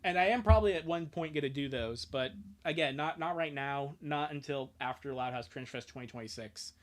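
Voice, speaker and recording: A woman's voice: sits low, brisk. A woman hosting a live fan-fiction reading, chatting casually, laughing often and swearing freely. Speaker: host reading a fan story aloud.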